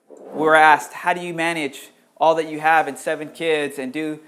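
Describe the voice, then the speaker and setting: A man preaching a sermon as pastor, moving between loud urgent questions and quiet low passages, and calling on people in the congregation by name. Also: level tone, normal speed, slight background noise. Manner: addresses congregation members by name.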